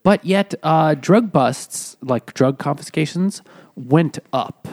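A man co-hosting a podcast, telling stories in an animated, sarcastic way. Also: on the high side, slow pace, no room sound, studio quality. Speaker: podcast co-host. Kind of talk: casual chat.

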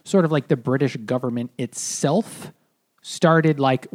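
A man's voice: mid-range voice, a little slow, a little mellow. A man co-hosting a beer-and-books podcast, recapping history in a rambling way with lots of restarts. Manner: rambling, full of 'like' and restarts. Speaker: podcast co-host. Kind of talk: casual book-club chat over beers.

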